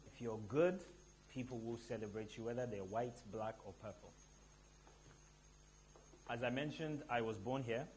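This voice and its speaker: A man from Nigeria hosting a live event, telling stories to the audience in an animated, emphatic way from a stage mic. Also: on the low side, slight background noise. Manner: animated storytelling with a rising, emphatic delivery. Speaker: event host.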